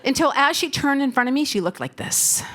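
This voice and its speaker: A woman delivers a conference keynote on stage through a stage microphone, telling stories playfully, laughing often, and addressing the audience directly. Her high voice is expressive and a bit bright, and she speaks briskly.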